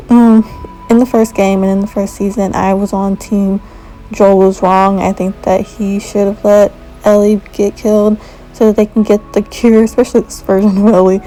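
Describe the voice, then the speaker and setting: A woman's voice: mid-range voice, little pitch movement, normal speed, warm tone, soft background music, poor audio. A woman giving a frank, opinionated review in a casual rant, often exasperated. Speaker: video reviewer.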